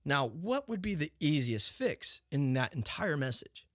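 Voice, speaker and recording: A man's voice: fairly high pitch, very animated, measured pace, no echo, studio quality. A man hosting his own talk show, ranting profanely in an unscripted monologue, firing rhetorical questions and restarting his sentences.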